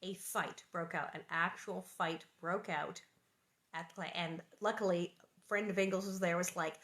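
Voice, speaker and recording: A woman's voice: lowish voice, fairly even intonation, normal speed. Chatty woman reading aloud with asides. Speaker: reader. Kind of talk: reading a children's book aloud with commentary.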